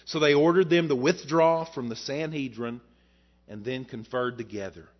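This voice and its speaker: Male preacher, sermon delivery, rhetorical questions, rising and dropping loudness, mid-pitched, slightly muffled recording. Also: normal speed. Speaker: pastor.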